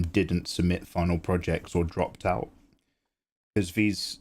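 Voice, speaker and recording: A sleepy young man chatting casually while drawing on a live stream, telling stories with frequent laughs and swearing. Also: low voice. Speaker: art streamer.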